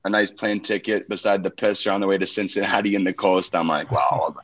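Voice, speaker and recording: A man from Canada, guesting on a podcast, with a low voice. He talks in a laid-back, self-mocking way in casual interview chat. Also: fairly even intonation, a little fast, fairly bright tone. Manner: easygoing, self-mocking storyteller. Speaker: guest, pro hockey player.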